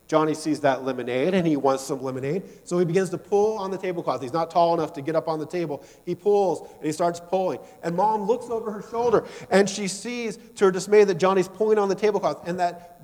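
Man preaching in an echoey hall. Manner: storytelling, swings between loud emphasis and soft low asides. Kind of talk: sermon.

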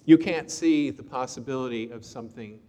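A man voicing Jesus in a sermon, as a calm adult teacher who asks gentle questions. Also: medium pitch, moderate pace, close to an everyday voice. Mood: gently probing. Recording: long hall reverb.

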